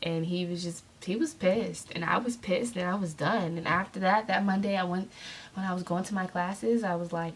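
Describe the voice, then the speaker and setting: Young woman vlogger, animated and sassy, slightly low voice. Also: unhurried, breathy edge. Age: young adult. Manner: animated, sassy storytelling to viewers. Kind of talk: storytime vlog.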